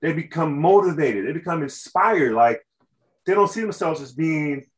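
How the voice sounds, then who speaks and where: A man's voice: a little high, animated, moderate pace, poor audio. A man, a college instructor, talking with fervent energy in an interview, often repeating words and filling with "like" and "you know". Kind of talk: passionate interview talk.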